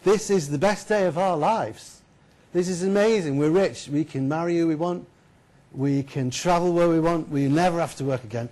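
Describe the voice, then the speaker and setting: A man's voice: a little high, normal speed, darkish tone, natural voice. A man voicing a cheerful, naive young medieval man with an easygoing, breezy manner. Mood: elated.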